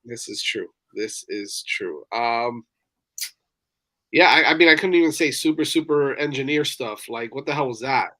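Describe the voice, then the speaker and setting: A man's voice: medium pitch, moderate pace, bright, forceful tone. A man co-hosting a casual motor racing podcast, talking loosely and laughing at his own slips. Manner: loose, rambling, laughs at himself. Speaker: podcast co-host. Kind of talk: casual sports chat.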